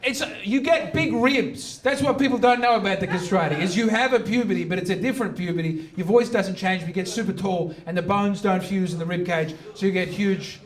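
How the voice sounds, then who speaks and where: A man's voice: high voice, a little fast, hardly any pauses, recorded from a distance. A man doing stand-up comedy in a brash, provocative, mock-earnest way at a live venue. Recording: echoey live venue from afar, crowd laughter.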